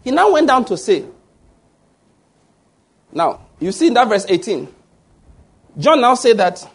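A man's voice: extremely high pitch, big pitch swings, unhurried, husky. A man preaching a sermon, often asking the congregation fill-in-the-blank questions. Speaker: pastor.

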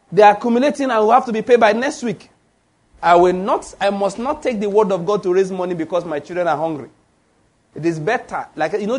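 A male preacher with a high voice delivers a sermon. He speaks emphatically and drives his points home by repeating key lines, and he reads scripture aloud. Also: darkish tone.

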